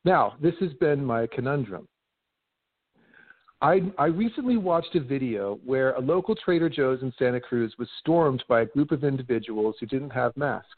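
A man's voice: medium pitch, animated, moderate pace, no room sound. A man in casual conversation who talks animatedly, swears freely and says "like" a lot, often mimicking other people in a raised voice. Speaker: podcast host. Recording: dry, phone-like narrow sound.

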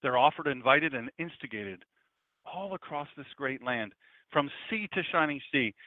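A man preaching an impassioned broadcast sermon, swinging between loud declarations and hushed asides. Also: medium pitch, lively intonation, moderate pace, dry recording. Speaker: pastor. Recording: dry, phone-like lo-fi sound.

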